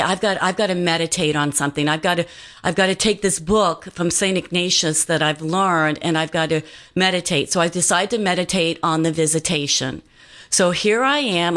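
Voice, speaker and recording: A woman's voice: fairly low pitch, fairly bright tone. Earnest woman telling a personal story. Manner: earnest storytelling with many fillers and restarts. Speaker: guest. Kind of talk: personal testimony in casual talk.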